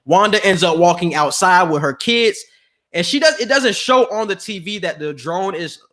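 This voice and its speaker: A man co-hosting a podcast, talking in a slangy, animated way and acting out quotes in casual chat. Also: high voice, moderate pace. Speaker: podcast co-host.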